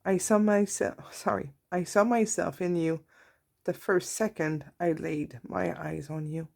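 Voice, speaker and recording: A woman giving a tarot reading, talking softly and slowly as she reads out card messages to her viewers. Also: fairly low pitch, fairly even intonation, creaky. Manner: soft, warm-hearted, reads card messages aloud. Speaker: tarot reader. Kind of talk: slow, intimate tarot reading.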